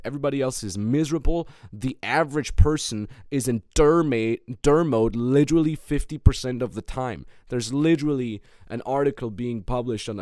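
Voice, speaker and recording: A man's voice: medium pitch, a little mellow, no room sound, studio quality. Blunt, ranting male podcast host. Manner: blunt, heated rant with frequent swearing; repeats words and restarts when worked up. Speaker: podcast host and business coach. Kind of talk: podcast monologue.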